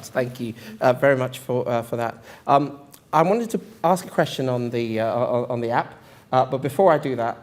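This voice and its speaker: A man moderating a conference panel, speaking haltingly with many fillers and repeated words. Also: medium pitch, a little mellow.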